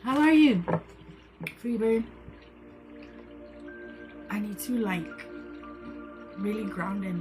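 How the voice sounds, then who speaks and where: A woman's voice: medium pitch, animated, takes it slowly, pauses often. A tired woman hosting a tarot livestream, chatting casually, rambling, repeating herself and swearing freely. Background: background music.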